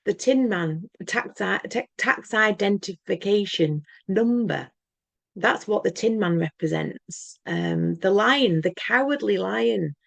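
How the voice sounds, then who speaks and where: A woman's voice: mid-range voice, expressive, takes it slowly, creaky, no echo. A woman talking in an earnest, emphatic monologue to camera, rambling and often restarting her words. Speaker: channel host.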